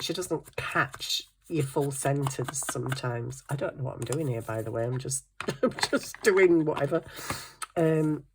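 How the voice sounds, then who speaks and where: Middle-aged woman, relaxed craft-vlog chatter, quick to laugh, a touch low in pitch. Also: slight background noise. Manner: chatty storytelling, laughing often. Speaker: craft vlogger. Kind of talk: casual chat.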